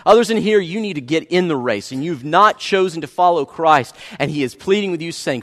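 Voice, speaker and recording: A man preaching a sermon as pastor, earnest and pleading, often dropping to a hush. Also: high voice, sing-song, brisk, few pauses. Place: large church sanctuary. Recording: reverberant church hall.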